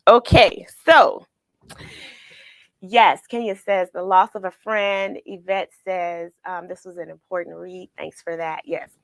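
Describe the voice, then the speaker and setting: A woman's voice: lowish voice, fairly even intonation, slow pace, creaky, no room sound. A woman hosting a children's read-along livestream, talking tenderly and emotionally to viewers she calls friends. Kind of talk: casual livestream chat after reading.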